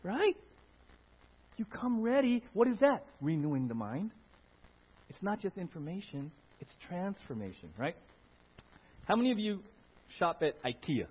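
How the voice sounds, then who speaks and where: A man preaches to his congregation, his husky voice swinging up and down as he rises into loud, emphatic bursts. He keeps asking the room questions and waiting for them to agree. The recording is dull and lo-fi. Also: sits high, sing-song, normal speed. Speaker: pastor. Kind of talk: sermon. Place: church. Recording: dull lo-fi sound.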